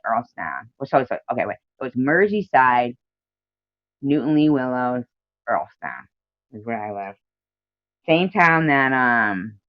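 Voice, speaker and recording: A man's voice: medium pitch, creaky, dry recording. A man hosting a livestream, chatting casually and playfully with his viewers, greeting them one by one. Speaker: livestream host. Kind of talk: casual chat with live viewers. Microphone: phone. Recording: dull lo-fi audio.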